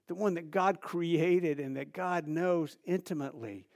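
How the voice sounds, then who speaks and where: A man preaching a sermon, animated and repetitive, building emphasis and dropping to soft asides. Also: a little high, unhurried, creaky. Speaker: pastor.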